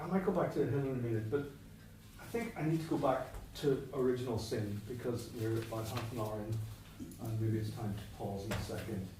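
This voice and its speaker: A mellow, medium-pitched male voice works through an academic lecture on poetry, discursive and self-interrupting, full of asides and restarts. It was captured in an echoey church hall from a distant mic, with a little hiss or hum.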